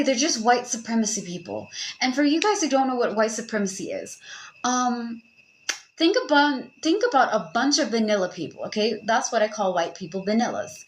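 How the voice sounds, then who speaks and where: Animated, swearing young woman chatting. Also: on the high side, slight background noise, low-quality recording. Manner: animated, profane, joking. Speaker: podcast host. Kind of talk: casual advice chat.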